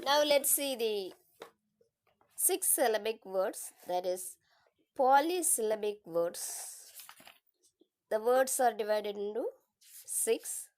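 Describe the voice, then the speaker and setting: Woman teacher, Indian English accent, slightly high voice, steady and clear textbook reading. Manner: reads word lists slowly and clearly. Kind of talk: textbook exercise lesson.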